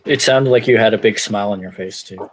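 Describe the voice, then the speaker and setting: A man's voice: on the low side, quick pace, noisy background. A man playing in a tabletop game, talking casually with hesitant restarts. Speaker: player.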